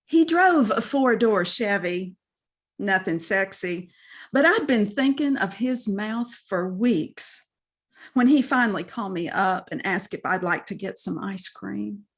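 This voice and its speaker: A woman's voice: mid-range voice, animated, unhurried. A woman with a Southern US accent reading her own poem aloud over a video call, savoring each line. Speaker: poet. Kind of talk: poetry reading.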